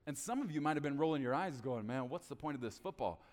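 A male pastor preaching a sermon in an animated way, acting out both sides of conversations. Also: a little high, fast talker, long reverb tail.

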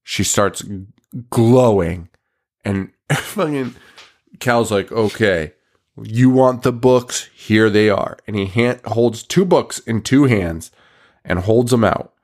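A man's voice: fairly low pitch, slow, darkish tone. A man hosting a podcast, recapping a movie plot in casual chat, rambling, laughing often and swearing freely. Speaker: podcast host.

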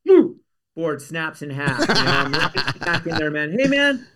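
Guest actor, high voice for a man, animated and rambly storyteller. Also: measured pace. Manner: animated, acts out quotes, rambling asides. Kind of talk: casual storytelling.

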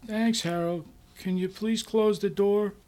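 A man's voice: sits high, fairly even intonation, unhurried, a little mellow, pitched above the performer's own voice. A man voicing an awkward new male boss who hesitates and fills his talk with "uh" and "um". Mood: hesitant. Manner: hesitant, full of "uh" and "um".

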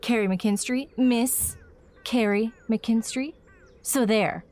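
A woman's voice: fairly high pitch, slow pace, darkish tone. An actress playing a proud, spirited young woman of the 1890s who speaks with formal, old-fashioned prim diction, in old-time radio drama style. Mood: prim, indignant. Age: young adult. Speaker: heroine.

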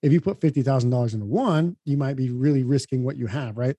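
Fast-talking, mellow-voiced male podcast host. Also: medium pitch, slightly rough, no room sound. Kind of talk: casual explanatory podcast talk.

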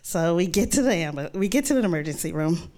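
This woman talks fast in a fairly low voice, recounting a true personal story to a crowd with lively, chatty energy and performing her own inner thoughts along the way.

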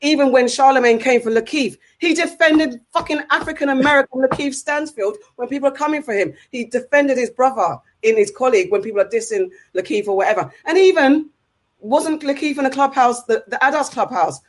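Brisk and high-voiced, this London-accented Englishwoman goes off on a heated rant as a podcast co-host, saying things again and again to drive her point home in a casual show.

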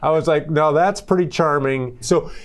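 A man hosting a podcast in a relaxed, friendly way, laughing lightly as he talks. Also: a little high, normal speed. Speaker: podcast host.

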